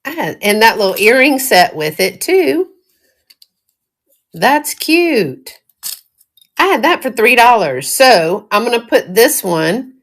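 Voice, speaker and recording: A middle-aged woman with a Southern US accent, chatting casually and folksily while showing thrifted jewelry, often breaking into giggles. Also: mid-range voice. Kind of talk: casual live-stream chat.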